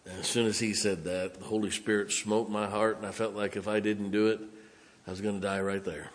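A pastor preaching a sermon, telling a personal story with dramatic swings from loud emphatic bursts to hushed low lines. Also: male voice, little pitch movement, fairly quick. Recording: long hall reverb.

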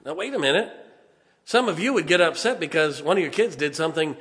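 A man, preaching a sermon in a folksy storytelling way, with punchy asides and slow, stressed points. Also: fairly high pitch, expressive, fairly bright tone. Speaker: pastor. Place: church sanctuary. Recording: long church reverb.

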